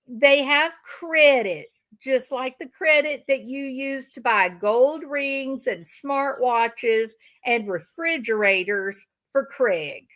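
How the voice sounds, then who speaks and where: Slow, sarcastic older woman commentator. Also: fairly high pitch, a bit bright. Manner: sarcastic and indignant, reading out viewer comments. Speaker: commentary channel host. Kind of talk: reaction commentary to live-stream chat.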